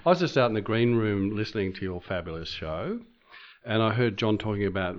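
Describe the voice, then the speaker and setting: A man's voice: lowish voice, expressive, a little fast. A man chatting on a radio show, rambling through playful stories. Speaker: radio presenter. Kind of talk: chatty studio banter. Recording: slightly muffled radio audio.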